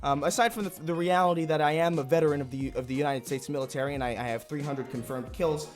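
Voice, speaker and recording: Deadpan man in a mock tutorial. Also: a little high, fast, soft background music. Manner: deadpan, rambling with restarts. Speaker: comedy YouTuber parody host. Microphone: desk mic in home setup.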